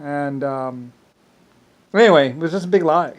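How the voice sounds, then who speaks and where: A man talks in a loose, rambling monologue, his voice sitting a little higher than most men's. He stops and starts, repeats words, fills the gaps with "um" and "like", and lets out small chuckles as he goes. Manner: halting, repeats words, many fillers, chuckles often.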